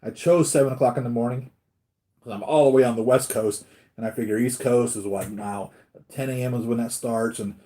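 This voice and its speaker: A man in casual conversation on his own live stream, speaking at an ordinary middle pitch. He rambles from story to story and now and then acts out the voices of the people in them. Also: fairly even intonation, a little fast, dark tone. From United States. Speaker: collectibles channel host.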